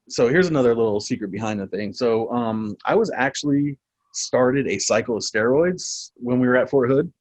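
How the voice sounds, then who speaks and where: A man in his forties, a military veteran guest, telling war stories in a casual, profane, animated way with frequent laughs. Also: fairly low pitch, dry recording. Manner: profane, animated storyteller who laughs often. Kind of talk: casual storytelling interview.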